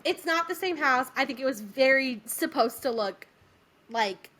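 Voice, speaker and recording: A young adult woman chatting casually on a podcast, her voice bright and forceful. She retells scenes in an animated, giggly way. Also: sits high, unhurried. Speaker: podcast co-host. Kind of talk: casual chat.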